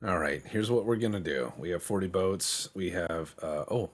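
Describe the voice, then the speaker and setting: A man casually commentating his gameplay, joking, swearing and mocking himself as he goes. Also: low voice. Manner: slips into quick silly voices for other countries. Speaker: gaming channel host. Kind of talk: casual let's-play commentary.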